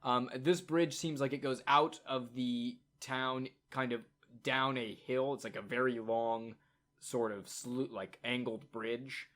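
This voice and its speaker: A man narrating a tabletop game as game master, in a casual, halting way with many fillers. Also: mid-range voice, fairly even intonation, fairly bright tone.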